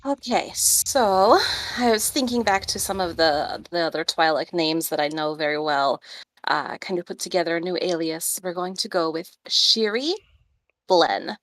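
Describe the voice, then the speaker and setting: A woman's voice: lowish voice, normal speed, a bit bright. A woman playing in a tabletop game, chatting casually between laughs. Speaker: player.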